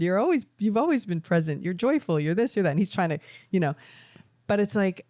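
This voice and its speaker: A woman's voice: on the low side, lively intonation, a little fast, warm tone, no echo, studio quality. A middle-aged woman co-hosting a podcast, chatting casually and telling emotional, rambling stories. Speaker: podcast co-host. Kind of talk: casual chat.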